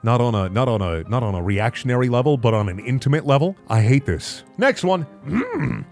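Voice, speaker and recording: Man reacting to internet posts, lively swoops, stammering repeats, faint background music. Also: medium pitch, brisk. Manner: mock-outraged, stammering repetitions. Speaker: commentator. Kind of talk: comedic reaction commentary.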